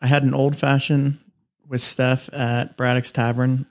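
A man chatting as a podcast guest, telling stories in an animated way with frequent laughs and restarts. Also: mid-range voice, unhurried. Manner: animated storyteller, laughs often, many restarts. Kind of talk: casual chat, storytelling.

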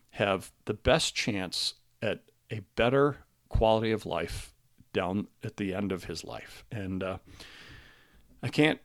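Middle-aged male podcast host, grieving, halting and earnest; low voice with a gravelly edge. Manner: halting and earnest, with many restarts. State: grieving, close to tears. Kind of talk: personal monologue.

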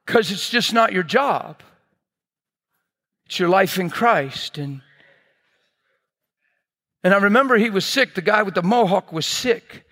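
A man preaching, telling a personal story in an animated way and acting out scenes with sound effects. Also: sits high, unhurried, long pauses. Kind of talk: sermon testimony storytelling.

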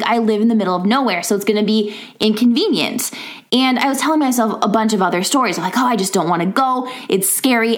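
A woman in her thirties hosts a podcast and delivers a casual pep talk from home. Her voice sits a bit high. She is chatty, laughs often and fills her sentences with "like". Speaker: podcast host. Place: home in a rural area.

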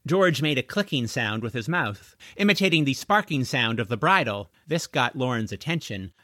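A man reading a children's novel aloud as its narrator, in expressive storytelling. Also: medium pitch, normal speed, no echo, studio quality. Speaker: audiobook narrator. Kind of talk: scripted narration.

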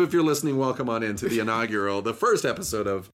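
Lively, animated man telling stories. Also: medium pitch, quick pace. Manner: animated, chatty storyteller. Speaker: podcast host. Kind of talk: casual storytelling chat.

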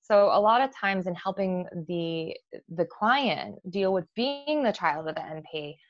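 A woman's voice: medium pitch, animated, measured pace, no room sound, muffled recording. A woman therapist explaining in a professional conversation, with many fillers and restarts. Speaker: therapist guest.

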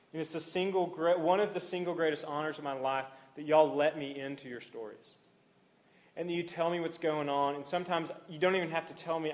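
A young male pastor preaches earnestly in a slightly raised, fairly high-pitched voice. He swells into emphatic, intense passages, then sinks to soft, almost hushed lines.

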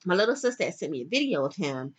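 Profane, animated middle-aged woman ranting. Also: lowish voice, fast talker, slightly rough. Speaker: podcast host. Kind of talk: casual opinionated monologue.

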